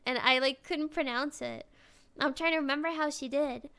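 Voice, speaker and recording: A young woman talks in a loose, rambling way, often cutting her sentences off and starting them again. She swears freely. Her voice sits high. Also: moderate pace, a bit bright. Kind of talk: casual chat.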